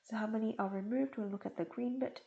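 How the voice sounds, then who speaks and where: Gravelly, mellow-voiced woman tutor. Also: a little high, steady tone, quick pace, highs cut off. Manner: patient, step-by-step explaining. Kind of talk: explaining test questions.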